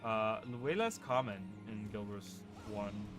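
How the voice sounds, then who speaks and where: A man's voice: fairly low pitch, expressive, slow pace. A man hosting a casual let's-play, rambling along with lots of fillers and rhetorical "right?" checks. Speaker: gaming channel host. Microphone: desk microphone. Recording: game music playing under the voice.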